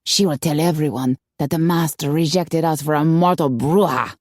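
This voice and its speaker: A woman voicing a stern, pious noblewoman in a low, solemn, grave tone. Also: normal speed, a little mellow, dry recording, studio quality.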